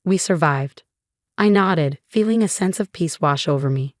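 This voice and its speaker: A woman reading a first-person story aloud in a steady, even narration. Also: lowish voice, normal speed, no room sound, clean studio sound. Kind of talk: scripted narration.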